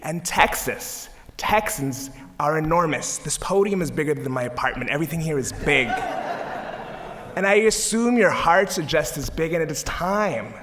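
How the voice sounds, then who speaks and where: A man's voice: on the high side, animated, moderate pace, fairly bright tone. A young man speaking at a panel for an advocacy group, enthusiastic and humorous, rallying the audience from a podium. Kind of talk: energetic public speech at a panel. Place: lecture hall, at a podium.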